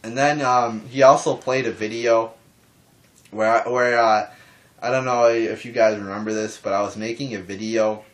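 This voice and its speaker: A young man talking calmly to his camera in a casual response vlog, rambling with lots of restarts and fillers and casual swearing. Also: mid-range voice, moderate pace. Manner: calm, even talking voice. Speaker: wrestling YouTuber.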